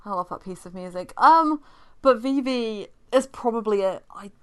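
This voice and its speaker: A woman's voice: a little high, lively intonation, moderate pace, crowd noise. Gushing woman on a podcast. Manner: gushing, enthusiastic. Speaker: podcast co-host. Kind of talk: casual chat.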